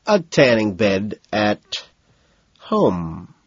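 A man's voice: mid-range voice, big pitch swings, normal speed, darkish tone, husky, no room sound. A man voicing a smug, showy young businessman who needles his friends, on a dull lo-fi recording.

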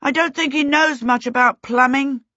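A woman's voice: sits high, fairly even intonation, moderate pace, sharp tone, dry recording, muffled recording, voice pushed up. A woman voicing a harassed young boy who chatters eagerly.

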